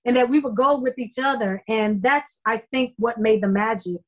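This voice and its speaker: A middle-aged woman with a fairly high voice tells stories from her acting life. She talks in an effusive, animated way, full of fillers. This is a casual interview chat. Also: moderate pace, low-quality recording. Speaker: soap opera actor, interview guest.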